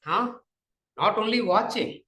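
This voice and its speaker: A man's voice: high-pitched, a little slow, sharp tone, poor audio. A man with a Tamil accent giving a classroom lecture on philosophy, asking rhetorical questions and repeating his phrases. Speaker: spiritual lecturer.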